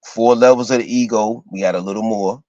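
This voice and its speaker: A man giving an informal lecture to his listeners, halting and full of fillers, spelling out terms letter by letter. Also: on the low side, steady tone, darkish tone, no echo, lo-fi sound. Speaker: host teaching a class.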